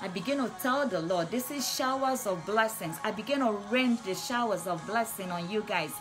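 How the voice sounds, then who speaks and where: A woman preaching on a livestream, her voice fervent as she repeats her declarations again and again. She urges and prays in a steady, insistent rhythm. Faint music plays softly behind her. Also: mid-range voice, normal speed. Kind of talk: livestream sermon and prayer. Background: soft music.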